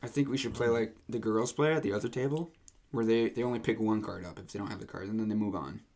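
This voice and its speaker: A man's voice: on the low side, fast, darkish tone. A teenage boy co-hosting a casual podcast chat, complaining in an exasperated, grumbling way. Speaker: podcast co-host.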